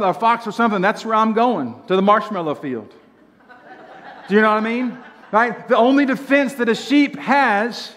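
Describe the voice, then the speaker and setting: High-voiced preacher in an echoing church. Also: male voice, fairly bright tone. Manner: emphatic preaching with slow drawn-out lines; asks the congregation rhetorical questions. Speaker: pastor. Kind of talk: sermon. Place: church sanctuary. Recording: long church hall reverb.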